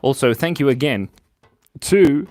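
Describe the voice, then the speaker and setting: Lively cheerful man chatting on a live stream. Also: mid-range voice, measured pace, no echo. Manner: cheerful, chatty, thanks viewers constantly. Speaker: host of a live drawing stream. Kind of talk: live-stream chat while drawing. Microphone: clip-on lapel mic.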